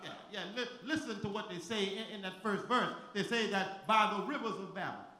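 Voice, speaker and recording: A male preacher with a very high, bright voice that rings out. He stutters over repeated words, then swells into a shouted, chanted cadence. His voice echoes in a church with a faint congregation behind him. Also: a little fast. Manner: stammering repetitions, rising into shouted chanted cadence. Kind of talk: sermon building to whooping climax.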